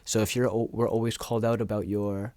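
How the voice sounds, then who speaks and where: A man coaching viewers on confidence and dating in a relaxed, conversational way, sometimes acting out short exchanges. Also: lowish voice, brisk, dry recording. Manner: relaxed, conversational, acts out little dialogues. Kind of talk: casual talking-head advice.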